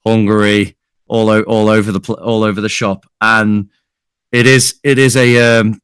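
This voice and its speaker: Easygoing young man, smooth dry voice. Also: fairly low pitch, little pitch movement, fairly bright tone, dry recording. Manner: easygoing, halting, restarts often. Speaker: podcast guest. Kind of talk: casual chat.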